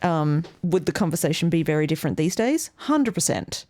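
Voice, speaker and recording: Low-voiced woman co-hosting a chatty podcast. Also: very animated, a little fast, dark tone. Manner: chatty and playful, laughs often, trails off with fillers. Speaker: podcast co-host. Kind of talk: casual chat.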